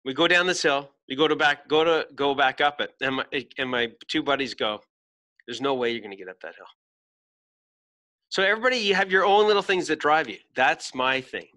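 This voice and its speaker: A man's voice: fairly high pitch, lively intonation, brisk, hardly any pauses, bright, forceful tone. A middle-aged man hosting a podcast, giving a blunt, emphatic motivational talk full of swearing. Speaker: podcast host.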